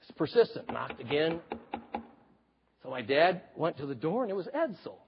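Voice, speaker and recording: A man in his fifties preaching a sermon, telling stories and swinging from booming to hushed. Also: very animated, moderate pace, gravelly, slight background noise. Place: large church hall. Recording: reverberant hall, slightly dull sound.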